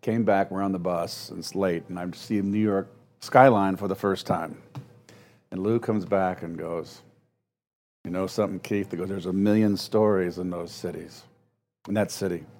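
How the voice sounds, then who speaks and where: A low-voiced man in his sixties spins animated stories as an interview guest. He acts out the voices of people he quotes and often breaks into laughter. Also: moderate pace. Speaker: guest, former ballplayer. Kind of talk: storytelling interview.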